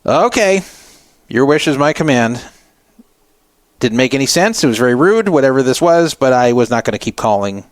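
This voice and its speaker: A man hosting a radio show, animated as he tells a first-person story and acts out the people he quotes. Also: medium pitch, normal speed, no room sound.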